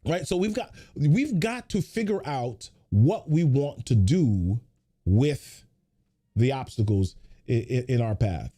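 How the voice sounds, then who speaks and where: A man with a mellow, warm voice delivers a motivational pep talk, firing off one rhetorical question after another. He sounds like a show host speaking straight to his viewers, casual but preachy. His pitch sits in the middle for a man. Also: expressive, slow pace. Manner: greets viewers in a chatty way. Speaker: host of a weekly motivational livestream.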